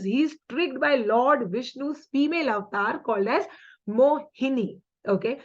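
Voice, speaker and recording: A woman's voice: on the high side, breathy edge, muffled recording. A woman with an Indian English accent running a quiz-style exam-prep lesson, chatty and upbeat, mixing in Hindi asides.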